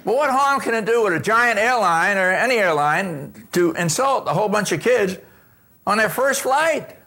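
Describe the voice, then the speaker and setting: An older man giving a lively customer service talk, telling stories and acting out the dialogue with shifting voices. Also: high-pitched, normal speed. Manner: animated storyteller, acts out dialogue with shifting voices. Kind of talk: storytelling keynote talk.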